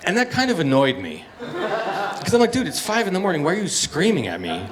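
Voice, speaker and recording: A man in his fifties performing a stand-up comedy set, telling stories and acting out other voices with loud punchlines. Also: high-pitched, wildly swooping pitch, fairly quick, a crowd in the background. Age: 50s. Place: comedy bar stage with live audience. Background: audience laughter and room noise.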